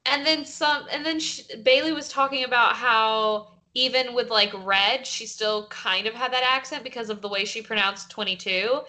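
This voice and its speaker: A woman's voice: fairly high pitch, moderate pace, few pauses, sharp tone. A woman with a light Southern US accent chatting casually on a podcast, with lots of fillers and laughter. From American South. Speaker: podcast co-host. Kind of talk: casual chat.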